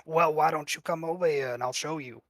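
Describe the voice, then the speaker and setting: Man as sly crow middleman, put-on accent, smooth pitch, pitched up, dry. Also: a little fast, a bit bright, no echo, natural voice. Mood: coaxing. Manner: coaxing salesman patter. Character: scheming talking crow, sly smooth dealer.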